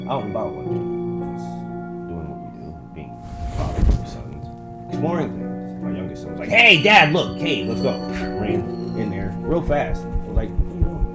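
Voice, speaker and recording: Animated man telling a spooky tale. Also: deep voice. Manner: animated, swears freely, acts out quoted voices. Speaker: father telling a story to his sons. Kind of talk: improvised spooky storytelling. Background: loud guitar music.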